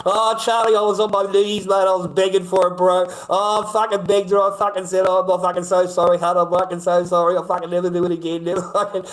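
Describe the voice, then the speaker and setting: A man with an Australian accent putting on a loud, sneering impression of a pleading abusive husband, laughing through the words. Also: sits high, little pitch movement, quick pace, hardly any pauses, voice pushed up, close to an everyday voice. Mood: mocking.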